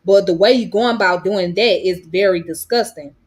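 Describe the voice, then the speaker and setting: An American woman vlogger from the United States speaks in a mid-range voice at normal speed. She delivers a heated, blunt, profane commentary rant, hammering her points home through repetition.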